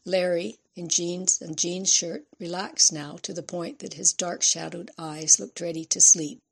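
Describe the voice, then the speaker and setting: A woman reads a novel aloud in a measured, descriptive audiobook style. Her voice is low and husky, with a gravelly fry at the ends of phrases. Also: fairly even intonation. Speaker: narrator. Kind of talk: audiobook narration.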